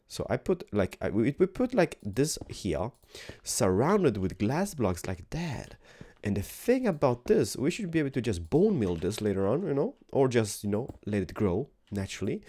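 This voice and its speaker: Animated man with a tired morning voice. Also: medium pitch, normal speed, husky. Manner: rambling, animated, repeats words, drops into whispers. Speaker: gaming video host. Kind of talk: casual gameplay commentary.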